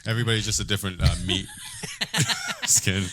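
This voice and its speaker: A man's voice: lowish voice, steady tone, moderate pace, pushed and bright, slight background noise. A man co-hosting a comedy podcast, teasing the others in crude banter and chuckling. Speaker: podcast co-host.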